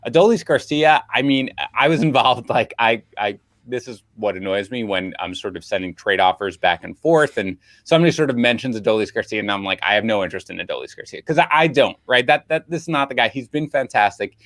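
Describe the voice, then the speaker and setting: A man's voice: medium pitch, animated, fairly quick, few pauses, fairly bright tone, no echo. A man co-hosting a live fantasy baseball podcast, chatting and breaking down players, sometimes getting fired up. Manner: chatty, analytical, gets fired up. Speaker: podcast co-host. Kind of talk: casual fantasy baseball talk.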